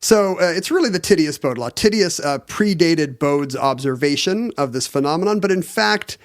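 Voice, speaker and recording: A man's voice: fairly high pitch, lively intonation, moderate pace, no room sound, studio quality. A middle-aged man co-hosting a casual podcast, explaining history with wry jokes. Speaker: podcast co-host. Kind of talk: casual chat.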